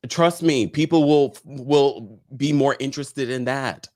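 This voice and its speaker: Unhurried and medium-pitched, a host gives a casual reality TV recap. He's animated and talkative, reading viewers' comments aloud and laughing a lot.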